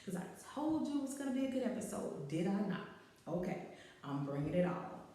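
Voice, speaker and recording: A woman's voice: mid-range voice, brisk, far from the mic. Chatty woman talk show host, echoey. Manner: chatty, animated, laughs and repeats for emphasis. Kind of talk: talk show monologue reading listener stories.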